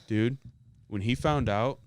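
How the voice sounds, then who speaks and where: Young man, podcast co-host, casual storytelling, smooth voice, dry sound. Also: medium pitch, slow pace, a little mellow, no room sound. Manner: storytelling, swearing, laid-back. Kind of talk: casual chat.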